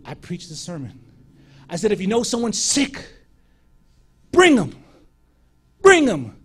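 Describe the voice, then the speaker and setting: A man preaching a sermon, telling mission stories in an animated way, acting out voices and laughing often, in a church before a live audience. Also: high-pitched. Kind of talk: sermon storytelling.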